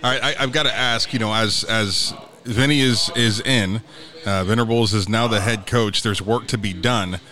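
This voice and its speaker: A man hosting a podcast live at a restaurant, asking questions with fillers and restarts and dropping quick affirmations. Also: lowish voice, steady tone, bright, forceful tone. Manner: affirming interjections, hesitant with fillers. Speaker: podcast host.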